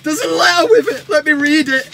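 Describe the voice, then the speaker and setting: Giddy high-voiced man. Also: fairly quick, vocal fry. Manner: giddy, shouty and crude. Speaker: vlog host. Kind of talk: excited fan vlog.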